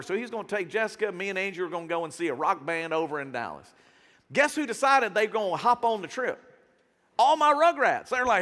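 A middle-aged man preaches with a folksy, animated delivery, and his voice rises high and swings widely. The tone is bright and ringing, with a long reverb from the church hall around him. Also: fairly quick. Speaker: pastor. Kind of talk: lively sermon.

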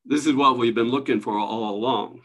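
A man leading a study group over a video call, easygoing and chatty, with a voice of middling pitch that is neither high nor low. He laughs lightly between remarks and keeps a loose, friendly teaching tone. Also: brisk. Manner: relaxed, chuckling, conversational. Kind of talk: casual spiritual teaching.

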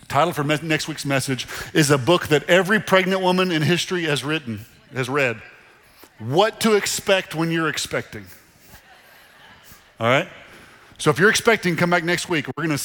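Pastor preaching in an echoing hall. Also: male voice, medium pitch. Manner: animated, conversational preaching with repeated phrases. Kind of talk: sermon. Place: church sanctuary. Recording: long reverb of a large hall. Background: congregation in the room.

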